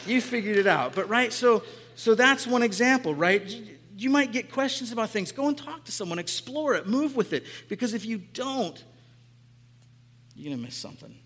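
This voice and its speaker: A man's voice: very high-pitched, lively intonation, moderate pace, fairly bright tone, slight background noise. A man in his late forties giving a sermon as a pastor, telling stories in a casual, chatty way and often tagging on "right?". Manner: casual, chatty, frequent tag questions. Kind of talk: conversational sermon storytelling. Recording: echoey hall.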